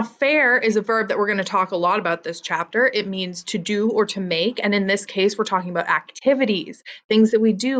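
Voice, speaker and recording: A woman teaching a vocabulary lesson to students, with slow repeat-after-me drilling. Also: mid-range voice, a bit bright. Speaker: French teacher.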